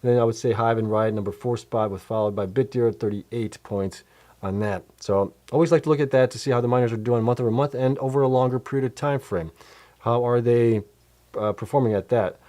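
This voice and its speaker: A man's voice: mid-range voice, brisk, dark tone. Tired man rambling over spreadsheets. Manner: rambling, thinks aloud while clicking through spreadsheets. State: tired, yawning. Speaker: host of a crypto mining channel. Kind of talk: casual livestream commentary with Q&A.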